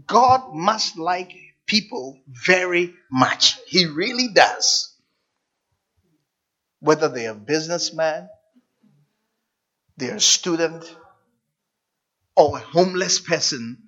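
Slow, husky, animated preacher. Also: mid-range voice. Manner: dramatic, repeats and stretches key words, swings from hushed to shouting; asks the congregation questions. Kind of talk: sermon. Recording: dull lo-fi sound.

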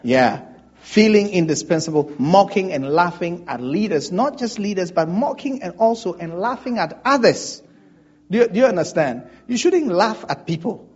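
A man's voice: sits high, expressive, moderate pace, a little mellow, breathy edge, highs cut off. A male pastor preaching a sermon, drawing call-and-response from the congregation.

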